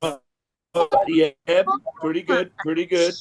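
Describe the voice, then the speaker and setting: A man's voice: fairly high pitch, flat delivery, measured pace, a little mellow, poor audio. An older man with an English accent, teaching an acting class in a chatty, encouraging way and praising his students often.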